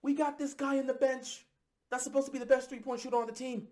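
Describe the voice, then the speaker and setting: A man with a notably high-pitched voice rants about his basketball team's loss. He sounds heated and exasperated and keeps breaking into bursts of shouting. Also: level tone, quick pace, a little hiss or hum. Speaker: sports commentator. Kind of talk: angry fan rant.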